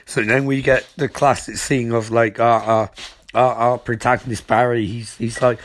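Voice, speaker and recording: A man's voice: mid-range voice, little pitch movement, moderate pace. A man giving a comic, rambling recap of a TV episode, stammering, swearing and sarcastic. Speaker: show recapper.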